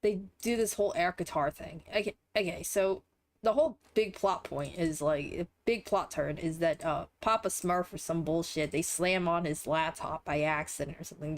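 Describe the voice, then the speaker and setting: A woman's voice: lowish voice, a little fast. A tired young woman with a congested, nasal voice, rambling casually through a recap with lots of fillers and swearing.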